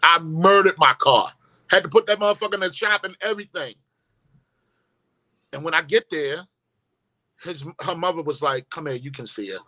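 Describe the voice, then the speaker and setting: Man, guest telling a story, emphatic and profane, forceful bright tone. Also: fairly high pitch, normal speed, long pauses. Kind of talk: storytelling in casual conversation.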